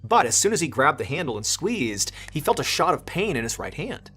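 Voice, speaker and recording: Lively fast-talking husky male narrator. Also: a little high. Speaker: storyteller. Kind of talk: true crime narration.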